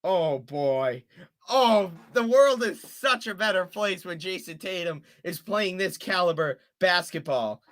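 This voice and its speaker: A young man calling a basketball game play by play as an openly partisan fan. His voice sits high and bright, and his delivery is unhurried between plays, with groans and cheers as the action swings. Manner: excitable, rooting for one team, groans and cheers. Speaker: play-by-play commentator.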